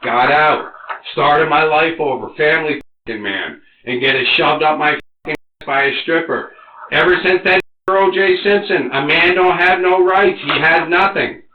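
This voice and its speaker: A man in his forties under police interrogation, ranting and cursing, swinging between loud outbursts and low mutters. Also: moderate pace, a little hiss or hum. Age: 40s. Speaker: interrogation suspect. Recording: echoey, muffled interrogation room recording.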